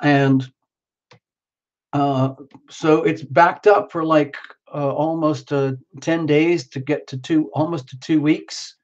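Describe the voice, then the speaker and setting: A man's voice: a little high, fairly even intonation, slow, highs cut off. A worn-out man hosting a tarot livestream, rambling casually and greeting viewers by name.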